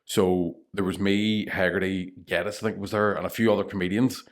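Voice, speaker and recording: Fast-talking Northern Irish comedian, low voice. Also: male voice. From Northern Ireland. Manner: animated, swears freely, laughs through stories. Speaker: comedian guest. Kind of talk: casual storytelling.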